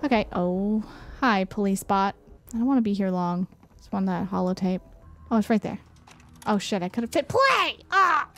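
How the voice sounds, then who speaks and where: A woman streamer giving casual gameplay commentary, excitable and sweary. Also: medium pitch, normal speed, slight background noise.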